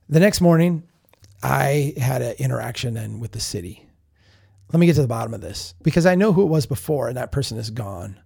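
Gravelly, husky-voiced man telling a story. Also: mid-range voice, a little mellow. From Minnesota. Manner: candid, self-reflective, with frequent restarts and repeated words. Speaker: podcast host. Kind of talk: casual storytelling monologue.

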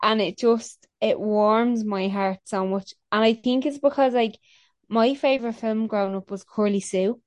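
A woman's voice: fairly high pitch, fairly even intonation, normal speed, darkish tone, dry recording. A woman co-hosting a podcast, chatting casually and gushing, rambling with lots of fillers. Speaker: podcast co-host. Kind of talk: casual chat.

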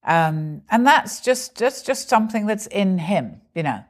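A woman's voice: medium pitch, big pitch swings, a little slow. A woman, a stand-up comedian, chatting animatedly in an interview and acting out the voices of people in her stories. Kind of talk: conversational interview.

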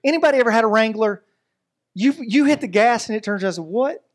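A man, preaching a lively, joking sermon as pastor. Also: sits high, very fast. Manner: animated, joking, preacherly delivery with voices and asides.

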